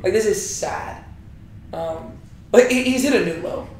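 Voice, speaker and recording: Young male Bible teacher, casual and chatty, high voice, heavy room echo. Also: a little slow, slight background noise. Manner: chatty, keeps asking right?. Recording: very echoey room.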